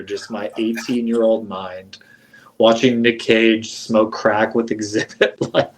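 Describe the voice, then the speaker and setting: A man chatting casually as a guest, animated and laughing, swearing as he goes. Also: fairly low pitch, measured pace, slight background noise, rough recording. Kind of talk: casual chat.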